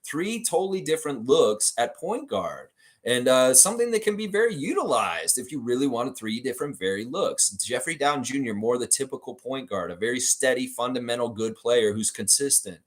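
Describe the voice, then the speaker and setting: Lively-voiced man hosting a basketball stream. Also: medium pitch, a little fast. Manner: rambling, enthusiastic, reads viewer comments aloud. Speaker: sports livestream host. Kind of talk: casual basketball commentary and chat reading.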